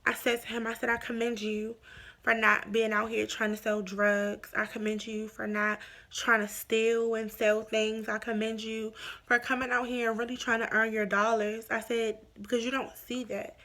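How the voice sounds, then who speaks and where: A woman's voice: fairly high pitch, moderate pace. A young woman casually telling a personal story on her vlog, acting out the dialogue as she goes. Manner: animated retelling with quoted dialogue.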